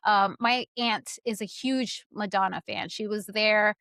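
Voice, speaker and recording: A woman's voice: mid-range voice, a little slow, no echo, clean studio sound. Gushing woman podcast host in her thirties. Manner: gushing and excitable. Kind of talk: casual chat.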